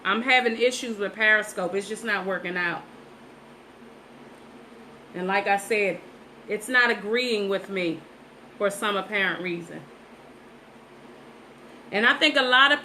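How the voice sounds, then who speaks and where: A woman's voice: mid-range voice, measured pace, pauses often, pushed and bright, a little hiss or hum, rough recording. A woman hosting a casual painting livestream from her phone, chatty and repetitive, talking straight to her viewers. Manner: chatty, repeats herself, talks straight to viewers. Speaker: livestream host painting sunflowers. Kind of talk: casual live-stream chat while painting.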